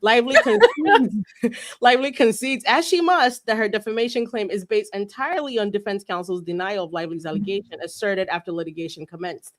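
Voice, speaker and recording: A woman's voice: medium pitch, brisk. A woman co-hosting a casual chat show, reading a legal filing aloud with irreverent asides and frequent laughter. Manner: giggly, irreverent, swears freely, laughs often.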